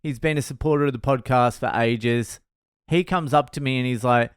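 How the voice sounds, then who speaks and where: A man retells a night out in a profane, animated monologue, laughing at his own story. His pitch sits mid-range, and the close mic gives a dry, roomless sound. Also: normal speed, clear, resonant tone, dry recording. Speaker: podcast host.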